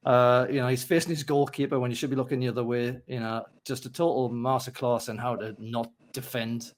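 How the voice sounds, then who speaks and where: Aussie male host, loose and profane banter, average-pitched voice. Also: level tone, brisk. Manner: chatty, joking, profane, many fillers. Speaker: podcast host. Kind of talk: casual podcast chat.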